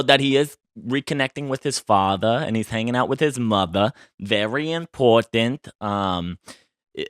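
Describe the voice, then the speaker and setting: A man hosting a podcast, chatting casually about celebrity gossip in an expressive way and ending many remarks with a quick tag question. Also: medium pitch, no room sound, clean studio sound. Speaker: podcast host.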